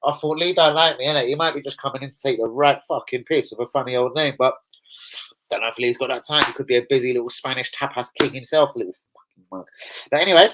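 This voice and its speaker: Swearing lad on a live stream. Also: male voice, mid-range voice, fast talker, a bit bright, rough recording. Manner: swearing, chatty, laughs often, answers chat. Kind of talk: casual live stream chat.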